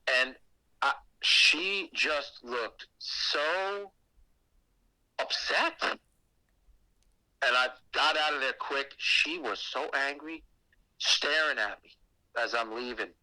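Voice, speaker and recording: A man telling a creepy personal story on a podcast in a casual, animated way, swearing often. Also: mid-range voice, very slow, pauses often, dry recording, poor audio. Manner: animated and heavily profane, with acted asides. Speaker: guest telling a ghost story.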